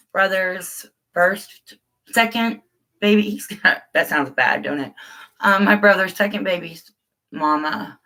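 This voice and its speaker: Bright and forceful in a mid-range voice, a middle-aged livestream host rambles openly to her viewers, addressing them as "guys." She's tearful at times, and the recording quality is low.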